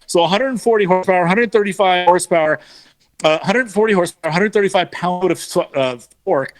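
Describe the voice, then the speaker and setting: Male co-host, knowledgeable, specs-heavy casual chat, a bit high-pitched, dry sound. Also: quick pace, no room sound. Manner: knowledgeable, states numbers and specs. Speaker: co-host of a car auction show.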